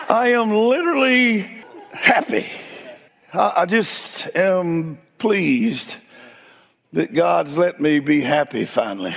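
A preacher man with a gravelly, husky voice and a high, lively pitch. He tells stories slowly and folksily, breaking into laughter and then dropping to a hush. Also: in a large hall. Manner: folksy, laughing, swings between loud and hushed. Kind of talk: storytelling sermon.

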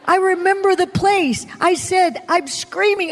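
High-voiced woman preaching in an echoing hall. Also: slow. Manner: animated storytelling, bursts into screams and laughter. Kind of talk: testimony sermon.

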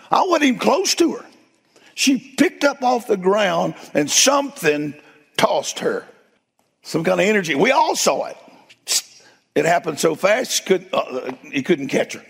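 Male preacher, high lively voice, gravelly, folksy and unhurried. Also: in a large hall. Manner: folksy, laughing, swings between loud and hushed. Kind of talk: storytelling sermon.

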